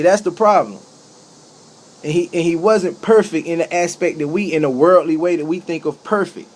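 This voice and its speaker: Man, high voice, impassioned monologue, repetitive, emphatic outbursts. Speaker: street preacher giving a talk.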